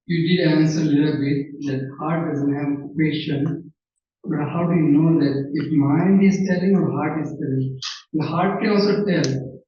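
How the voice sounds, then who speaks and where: A man in the audience asking the speaker a question in a polite, halting way. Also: a little high. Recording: distant, echoey, dull with faint noise.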